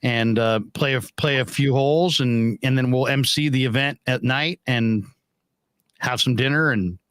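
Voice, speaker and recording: A man hosting a sports talk show, telling rambling, animated stories to his co-hosts. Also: mid-range voice, moderate pace, clean tone, dry recording. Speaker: radio show host.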